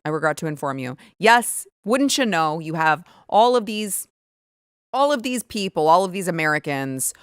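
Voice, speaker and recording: A woman's voice: on the low side, fairly bright tone, clean tone, no room sound, studio quality. A woman hosting political commentary, talking in a sarcastic, indignant way with frequent restarts. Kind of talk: opinionated commentary.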